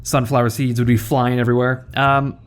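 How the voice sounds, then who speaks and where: A man's voice: mid-range voice, little pitch movement, fairly quick, clean tone. A young man giving casual, rambling game commentary, joking and self-deprecating as the host. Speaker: gaming video host.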